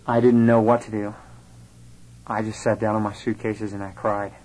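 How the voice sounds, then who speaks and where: A young man with a fairly low voice tells a personal testimony in an earnest way. He carries the story through remembered conversations, quoting each person as he goes. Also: flat delivery, moderate pace, darkish tone, rough recording. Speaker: speaker telling his conversion story.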